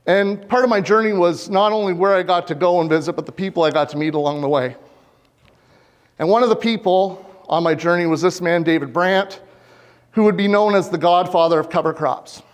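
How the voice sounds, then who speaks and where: A sincere Canadian farmer addresses a conference hall, speaking fairly quickly and posing questions straight to the audience. His voice sits on the high side for a man, and his lapel mic picks up a long hall reverb after each phrase.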